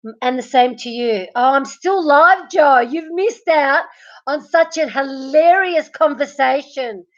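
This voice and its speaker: Woman livestreamer, high voice, slow unhurried talk, chatty, getting hoarse, dull lo-fi sound. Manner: chatty, greets viewers by name, laughs a lot. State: losing her voice. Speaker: livestream host. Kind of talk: casual live chat reading comments. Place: at home, in bed.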